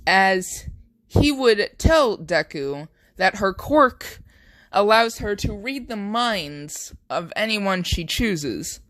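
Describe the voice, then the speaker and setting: A man's voice: high voice, animated, very slow, fairly bright tone, dry recording. A young man casually narrating an improvised fan story, rambling with many fillers.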